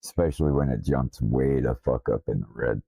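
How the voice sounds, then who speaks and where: A man with a Southern drawl, a streamer talking casually in a blunt, profane, self-deprecating way, his deep voice slightly slurred from missing teeth. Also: a little fast, gravelly, dark tone, a little hiss or hum. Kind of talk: casual rambling stream talk. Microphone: desktop streaming mic.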